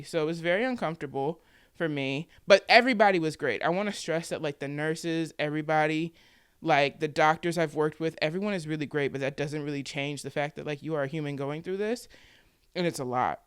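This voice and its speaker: A woman's voice: low voice, smooth, no echo, studio quality. A woman in her twenties telling her own story to the camera in a candid, conversational way, with plenty of "like" fillers. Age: 20s. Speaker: vlogger and podcaster.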